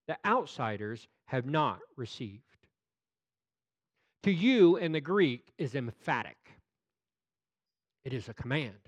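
A male preacher delivering a sermon. His voice sits a little high and moves with lively swings in pitch. He reads scripture slowly and deliberately and breaks in with playful asides. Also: no room sound, muffled recording.

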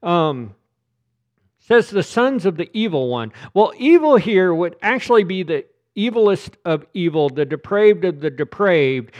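A male pastor delivers a sermon with strong emphasis, doubling words as he drives a point home. His voice sits a little high for a man. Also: big pitch swings, measured pace, a little mellow. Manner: emphatic, repeats words when stressing a point.

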